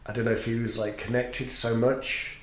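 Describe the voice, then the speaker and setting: The recording carries a roomy echo and faint noise as a podcast guest, a teacher and singer, speaks at normal speed in a mid-range, slightly bright voice with little pitch movement. He shares his story in a casual interview, earnest and reflective.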